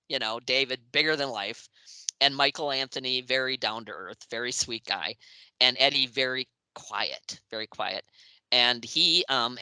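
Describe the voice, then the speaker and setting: A woman in her sixties recounts old memories as an interview guest, her voice bright and forceful. She performs the quoted lines of others and laughs as she goes. The sound is close and dry. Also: very deep voice, no room sound, low-quality recording. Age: 60s. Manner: lively, acts out quoted voices, laughs often. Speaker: interview guest, music writer. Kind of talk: anecdotal storytelling in an interview.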